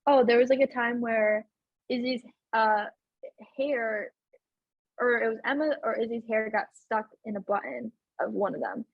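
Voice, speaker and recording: Chatty young woman, breathy voice. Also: fairly high pitch, fairly even intonation, moderate pace, no echo, dull audio. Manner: chatty, lots of fillers and laughs. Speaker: podcast host. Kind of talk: casual chat.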